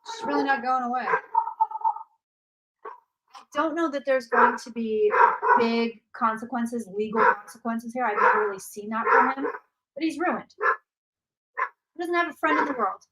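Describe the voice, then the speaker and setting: A woman's voice: on the high side, normal speed, long pauses, heavy background noise. A woman hosting a casual psychic livestream from home, chatting loosely, repeating herself and answering viewer questions. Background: dog barking.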